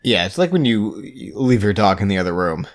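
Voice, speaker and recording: A podcast co-host making jokey, dry asides during casual banter. The pitch moves a lot, up and down. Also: sing-song, fairly quick.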